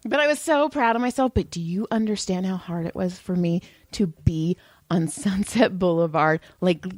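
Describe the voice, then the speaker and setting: A woman's voice: fairly low pitch, moderate pace, no echo. A woman co-hosting a podcast, telling a story in casual chat and swearing freely. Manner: chatty, swears freely, acts out quotes. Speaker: podcast co-host.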